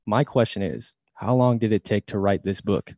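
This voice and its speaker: A man reading fan names and questions aloud to an author in a low-key way. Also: steady tone, moderate pace, a little mellow, dry recording, highs cut off.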